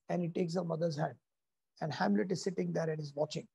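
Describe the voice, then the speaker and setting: A man lecturing a class on spiritual teachings. His voice is gravelly and husky, with a dark, mellow tone. He tells stories emphatically and repeats his key phrases. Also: a little high, fast talker, highs cut off.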